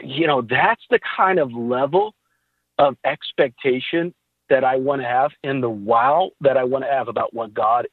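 A man's voice: mid-range voice, breathy edge, no echo. Man telling faith stories over tinny line. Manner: animated storytelling with laughs. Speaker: podcast guest. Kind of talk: casual faith talk.

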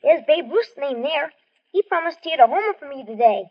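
A woman's voice: high-pitched, animated, a little fast. A woman playing an eager young boy in a hospital bed, in 1940s radio acting, on a dull old recording. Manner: eager, pleading.

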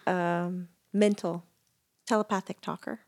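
A woman's voice: fairly low pitch, a little slow, vocal fry. A middle-aged woman co-hosting a podcast, telling funny stories in casual chat and laughing often. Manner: giggly, animated storyteller. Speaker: podcast co-host, medium.

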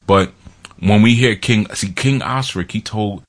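A man's voice: on the low side, unhurried. A man talking in a rambling, casual monologue, laughing often and acting out quotes from films.

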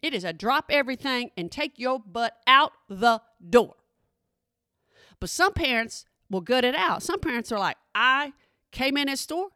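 Sassy, high-voiced mom talking to listeners. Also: female voice, big pitch swings, normal speed, bright, forceful tone, no room sound, studio quality. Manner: sassy, emphatic, talks straight to listeners. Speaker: parent monologue host. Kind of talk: casual chat monologue.

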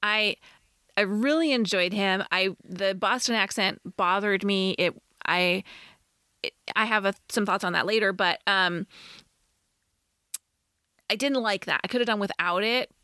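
A woman co-hosting a podcast in casual chat, giving firm opinions in a quick, reviewing way. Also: mid-range voice, bright, forceful tone, no room sound, clean studio sound. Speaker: podcast co-host.

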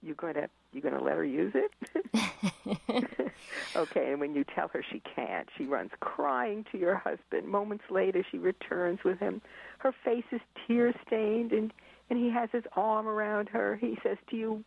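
A woman's voice: medium pitch, measured pace, vocal fry, breathy edge, dry recording. A middle-aged woman, an author and parenting expert, telling stories animatedly and acting out scenes, laughing often. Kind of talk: storytelling in a conversation. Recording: tinny phone-like line, dry.

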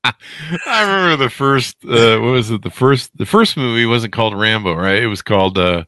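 A man's voice: mid-range voice, animated, pushed and bright. A man hosting a podcast interview, dropping jokes and asking follow-up questions. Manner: joking quips and quick follow-up questions. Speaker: podcast host.

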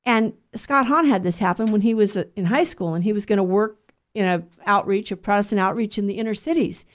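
A woman's voice: mid-range voice, a little fast. A middle-aged woman giving an earnest, conversational religious talk, preaching with occasional restarts. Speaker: Catholic speaker.

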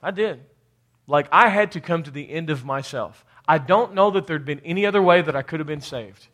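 A man preaching a sermon in a high voice. He calls on the congregation for amens and repeats words as he works toward a point. Now and then his delivery rises to emphatic bursts. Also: fairly quick, fairly bright tone. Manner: call-and-response preaching, rising to emphatic bursts. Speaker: pastor.

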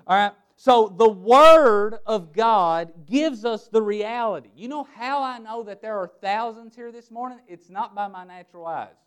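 Male pastor, high voice, animated sermon with scripture readings and joking asides. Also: measured pace, few pauses, clear, resonant tone. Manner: animated preaching, reads scripture aloud and laughs at his own asides. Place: church with a small congregation.

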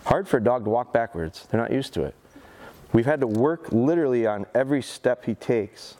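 A man's voice: medium pitch, lively intonation, a little fast, warm tone. A man giving a live dog-training seminar. He coaxes the dog with short repeated commands and praise, then explains plainly to the audience with rhetorical questions. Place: event seminar in front of an audience.

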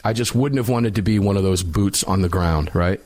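A man's voice: low-pitched, normal speed, a little mellow. Opinionated male talk radio host. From United States. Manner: opinionated, sarcastic, laughs while mocking. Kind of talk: casual talk radio banter.

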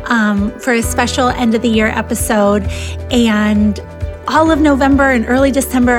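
A woman hosting a faith podcast, talking earnestly with many pauses and fillers. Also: a little high. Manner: earnest, many ums, gets emotional. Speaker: podcast host.

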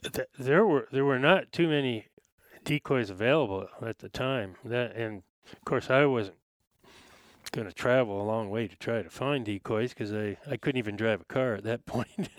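An older man with a mid-range voice speaks as an interview guest. He recalls the past haltingly, stopping to search for words. The room sound is dry. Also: medium pitch, no echo. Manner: halting, thoughtful recollection with fillers. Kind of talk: casual interview chat.

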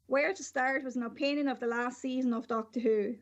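Woman podcast cohost, kinda high voice, reads an email out and keeps cutting in with jokes. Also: fairly even intonation, a little fast, dull audio. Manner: laughs often, reads with asides. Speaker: podcast co-host. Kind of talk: casual chat, reading a listener email aloud.

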